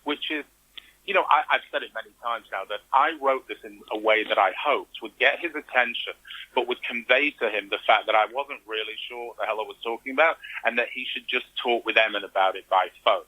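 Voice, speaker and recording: A man speaks as an interview guest, recounting events in an animated way and acting out the remarks he quotes. His voice has a bright, forward edge with a husky grain. He sits at a middling pitch. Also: brisk, rough recording. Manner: animated storytelling, acts out quoted reactions. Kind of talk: conversational interview.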